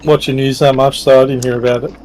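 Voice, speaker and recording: A man's voice: medium pitch, little pitch movement, quick pace, darkish tone, low-quality recording. A man chatting in a friendly way with gaming friends, rambling with lots of fillers. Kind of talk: casual chat while gaming.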